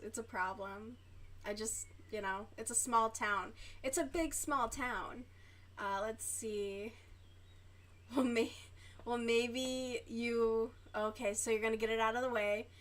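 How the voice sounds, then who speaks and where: A chatty young woman hosts a relaxed craft livestream, rambling between stories and dropping swear words. Her voice sits a little high. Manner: rambling, chatty, swears freely, many fillers. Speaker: livestream host. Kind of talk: casual chat while crocheting on a livestream.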